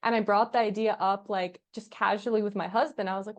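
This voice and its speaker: A woman's voice: medium pitch, fast talker. Chatty young woman telling a story. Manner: lively storyteller, acts out dialogue, laughs often. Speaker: podcast guest, agency founder. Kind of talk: casual interview chat.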